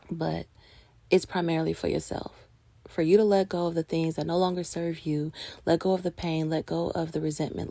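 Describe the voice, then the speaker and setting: A woman hosting a reflective talk on healing, speaking earnestly and passionately, sometimes dropping to a hush. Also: lowish voice, dry recording. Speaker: host of a personal growth talk.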